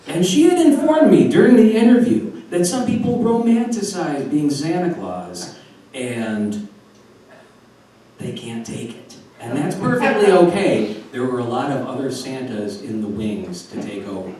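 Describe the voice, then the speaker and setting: A man's voice: fairly high pitch, big pitch swings, unhurried, darkish tone. A man telling a comic personal story at a live storytelling event, self-mocking, acting out the dialogue. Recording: echoey room from far off with noise.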